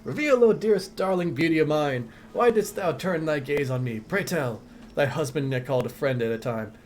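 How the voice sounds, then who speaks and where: A man's voice: fairly high pitch, normal speed, a little mellow, a little hiss or hum, natural voice. A man voicing a hammy stage actor who declaims love lines in archaic, overwrought phrasing. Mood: melodramatic.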